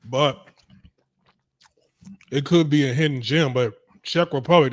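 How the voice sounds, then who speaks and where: A man's voice: mid-range voice, a little slow, no room sound. A young man giving casual reaction commentary as a show host, blunt, profane and dismissive. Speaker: streaming talk show host.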